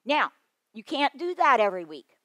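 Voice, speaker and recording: A middle-aged woman giving a storytelling talk to children's ministry teachers, lively, with quick asides and chuckles. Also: high-pitched, no echo. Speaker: children's ministry workshop speaker.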